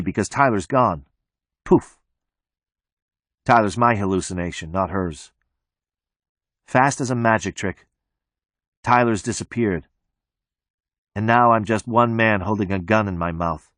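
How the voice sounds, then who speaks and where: A man narrating an audiobook in the first person, with a flat, detached delivery. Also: on the low side, dry recording, clean studio sound.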